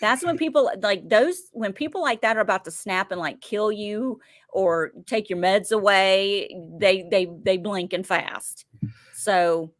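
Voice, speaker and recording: A woman's voice: mid-range voice, unhurried, dry recording, clean studio sound. A woman co-hosting a casual recap chat, retelling scenes with lots of energy and acting out each character's lines. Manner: animated, acts out characters' lines while retelling. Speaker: podcast co-host.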